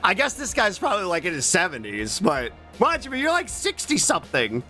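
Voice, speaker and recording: A man's voice: high-pitched, huge pitch swings, fairly quick, bright, forceful tone. A young man streaming a video game, chatting casually with goofy, absurd quips and repeated silly noises, game music behind. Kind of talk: casual gameplay commentary.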